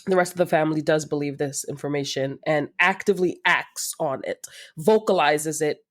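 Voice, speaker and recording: A woman's voice: low voice, normal speed. A woman co-hosting a podcast, gushing in casual chat and laughing often. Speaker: podcast co-host. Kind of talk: casual book-review chat.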